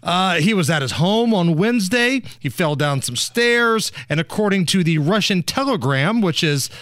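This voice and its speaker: A man with a fairly high voice co-hosts a radio show, steering segments and joking through news items. His studio sound is dry and close. The delivery is wry and casual. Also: lively intonation, moderate pace, fairly bright tone, no echo. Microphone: studio mic.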